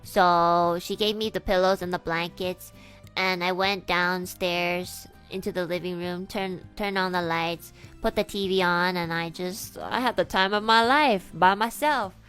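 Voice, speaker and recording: Rambling young woman with a smooth voice. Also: lowish voice, fairly even intonation, unhurried, a bit bright, faint music behind. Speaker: streamer. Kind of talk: storytelling to a live audience.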